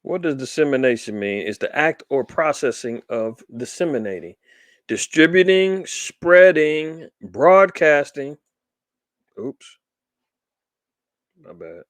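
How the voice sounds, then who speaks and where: A man's voice: mid-range voice, normal speed, no room sound. A man hosting a commentary show, reading articles aloud and riffing on them with rhetorical questions. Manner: animated, rhetorical questions, reads then riffs. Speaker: podcast host reading and commenting on news.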